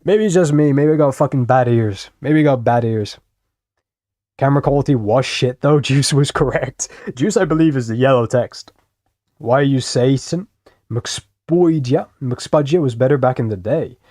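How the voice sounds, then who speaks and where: A man's voice: mid-range voice, normal speed, a little mellow, no echo, studio quality. A young man casually rambling and swearing while commenting on videos as a streamer. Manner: rambling, swears freely, self-deprecating.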